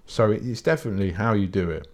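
British bloke, fairly low voice, solo podcast host who rants bluntly and swears freely. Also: male voice, fast. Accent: British English. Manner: blunt, sweary, rambling, with many restarts. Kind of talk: casual solo podcast rant.

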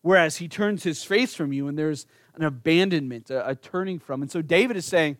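A man's voice: a little high, a little fast, hardly any pauses, dry recording, clean studio sound. A man preaching an earnest sermon, speaking directly to his congregation and rising into pleading emphasis. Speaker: pastor.

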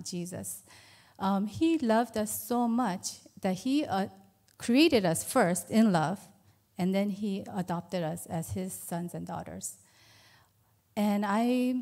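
A woman's voice: medium pitch, darkish tone. Earnest woman in her fifties testifying. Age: 50s. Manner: earnest, conversational, with many fillers. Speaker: adoptive mother giving testimony. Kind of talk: church testimony.

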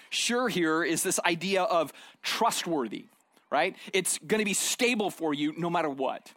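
A man's voice: a little high, expressive, normal speed, fairly bright tone, no room sound. A middle-aged man preaching a sermon in a conversational storytelling way, often tagging his points with "right?". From Arizona. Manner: conversational storytelling, frequent "right?" tag questions. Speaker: pastor.

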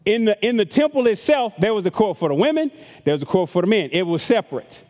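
Man pastor, high voice, conversational sermon with stammered repeats and mocking voices, long church reverb. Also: very animated, fast, a little mellow. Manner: conversational preaching, repeats words, acts out voices of critics.

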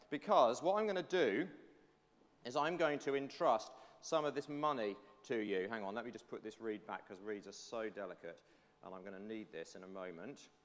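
A man giving a lively children's talk in a church service, telling a personal story before the reading's lesson. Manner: animated storytelling, lively pitch. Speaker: preacher. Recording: hall reverb.

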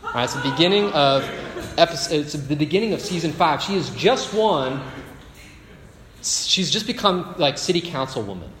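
A man's voice: on the high side, animated, normal speed, a bit bright. A male pastor preaching a sermon, telling stories and tossing in rhetorical asides. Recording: echoey hall with faint ambience.

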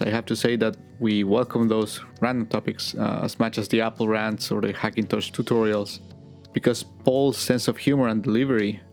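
A man hosting a podcast interview, speaking in a measured, halting way as he searches for words. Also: on the low side, creaky, darkish tone. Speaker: podcast host.

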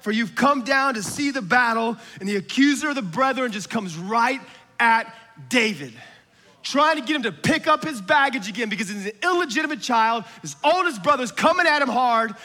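A man preaching a sermon with passion, building to shouts on key lines. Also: very high-pitched, animated, brisk, in a large hall.

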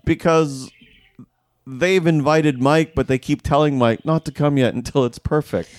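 A man's voice: on the high side, unhurried, dry recording. A man co-hosting a podcast in casual chat, rambling and easygoing, often poking fun at himself. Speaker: podcast co-host.

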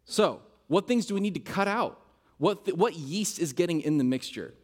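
A man's voice: high voice, expressive, normal speed. A male pastor preaching a sermon, earnest and driving home his points with repeated rhetorical questions.

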